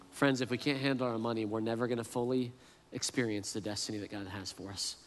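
A man's voice: mid-range voice, fairly even intonation, quick pace. A man preaching a sermon as pastor, earnest and often repeating words as he restarts a thought. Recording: long reverb, as in a large hall.

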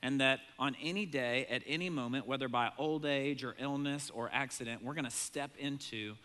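A male pastor in his thirties preaches a relaxed, conversational sermon in a bright, forward voice at a moderate pace. He animates his stories, chuckles often, and leaps into a high, excited voice to imitate his kids.

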